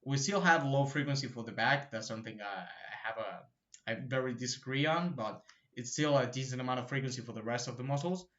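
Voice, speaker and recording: Expressive and a little fast, a fitness channel host walks the camera through training in a casual, profane style packed with fillers and "right?" tags. His voice is medium-pitched and fairly bright, with the highs cut off.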